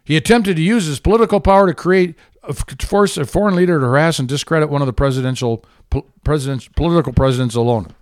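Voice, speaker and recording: A man's voice: fairly high pitch, fast talker, smooth, no room sound. A man hosting a political talk show, ranting with heated, indignant sarcasm. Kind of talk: angry political commentary.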